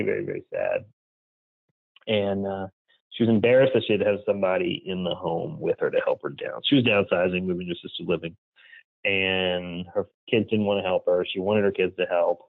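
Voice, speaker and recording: A man's voice: low voice, creaky, dry recording, narrow, tinny audio. A man in his forties from Virginia, giving a candid conference talk full of personal stories and frequent fillers. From Virginia, USA. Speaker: keynote speaker.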